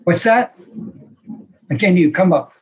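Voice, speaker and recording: A man voicing an old guru who gently teases his disciples. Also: sits high, expressive, normal speed, breathy edge, full character voice, low-quality recording. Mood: teasing.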